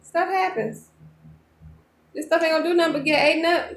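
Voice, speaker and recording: A woman's voice: very high voice, level tone, racing, slight background noise. Chatty woman vlogging in an echoey kitchen. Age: 30s. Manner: chatty, addresses viewers as y'all, laughs often. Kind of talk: casual vlog chat. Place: home kitchen at night.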